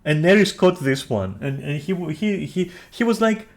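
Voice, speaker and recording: A man streaming a casual review, ranting loudly with heavy swearing, then dropping into quieter apologetic talk. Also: sits high, expressive, normal speed, few pauses. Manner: loud, profane, exasperated ranting that drops into quieter, apologetic talk.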